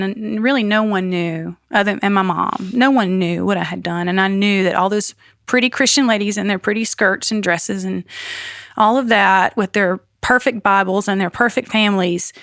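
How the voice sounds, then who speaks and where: A woman's voice: mid-range voice, moderate pace, creaky, no echo. Earnest woman telling her testimony, dry sound. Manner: earnest, animated storytelling. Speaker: podcast guest. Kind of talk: personal faith testimony.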